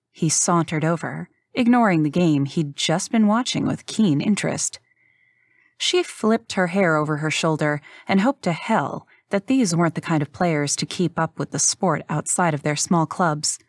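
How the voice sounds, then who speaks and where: A woman narrates an audiobook with a steady, measured storytelling manner in a fairly low pitch. The sound is clean studio quality with no echo.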